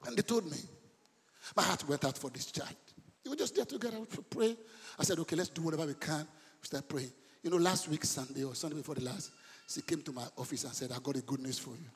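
Male pastor, passionate sermon, raised voice, husky, live in an echoey church hall. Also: on the high side, lively intonation, fast talker. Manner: impassioned preaching, rising to shouts.

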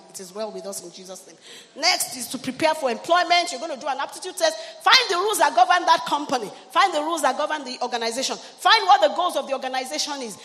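A woman's voice: high-pitched, fairly bright tone. A middle-aged woman pastor preaching a sermon, exhorting her congregation and calling for amens and hallelujahs. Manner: exhorting, call-and-response with the congregation. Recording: long church hall reverb, faint ambient noise.

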